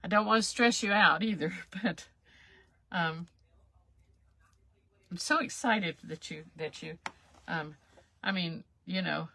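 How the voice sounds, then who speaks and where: A woman's voice: on the low side, slow, long pauses, pushed and bright, slightly rough, no echo. A woman, hosting a chatty crafting livestream and laughing at herself as she works. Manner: folksy, self-chuckling, talks while working.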